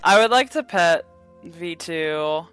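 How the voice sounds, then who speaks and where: Easygoing woman player, lower pitch, matter-of-fact. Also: lively intonation, slow pace, fairly bright tone, faint music behind. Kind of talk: casual tabletop game chat.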